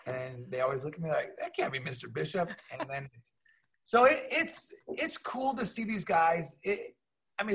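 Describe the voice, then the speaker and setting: Animated husky man telling stories. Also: a little high. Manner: animated, acts out voices in his stories. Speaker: guest, teacher and minor league mascot. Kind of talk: casual storytelling.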